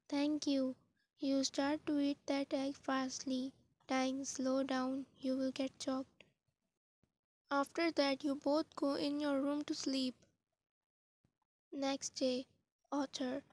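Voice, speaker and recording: A woman's voice: sits high, a little mellow. A woman reading a fan fiction story aloud, doing every part in the same plain voice.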